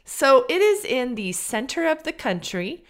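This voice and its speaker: A woman from Illinois with a General American Midwest accent, an English teacher and podcast host giving a careful, deliberate pronunciation lesson. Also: high voice, sing-song. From Illinois, United States. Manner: careful, deliberate teacher's delivery, drawing out model sounds. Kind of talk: slow, clear pronunciation lesson.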